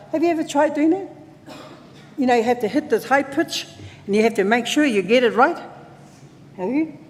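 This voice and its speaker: A woman's voice: on the high side, a little hiss or hum. Playful New Zealand woman in a reverberant hall. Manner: playful, engaging, calls out to the audience with "hey". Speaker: conference speaker teaching traditional singing. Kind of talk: spoken talk with sung demonstrations. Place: conference hall. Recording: long hall reverb, faint ambience.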